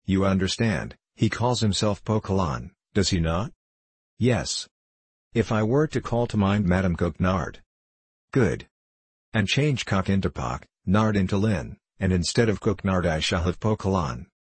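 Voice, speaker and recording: A man's voice: sits low, animated, unhurried, breathy edge, dry recording, exaggerated voice. A man reading a pompous, vain musketeer. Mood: self-pleased. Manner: pompous, self-satisfied. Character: vain, boastful grown male musketeer. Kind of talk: audiobook character reading.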